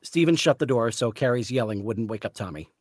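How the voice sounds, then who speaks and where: A man reading the narration of a novel aloud in a measured storytelling way. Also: medium pitch, lively intonation, no room sound. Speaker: author reading.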